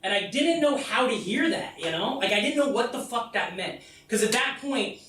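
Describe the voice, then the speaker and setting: A man performing a comedic one-man stage show, telling a story with animated delivery and acting out the people in it. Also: very high-pitched, normal speed, reverberant, distant mic, slight background noise, rough recording. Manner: animated storytelling, acting out his mom and himself. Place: theater stage. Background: audience laughter.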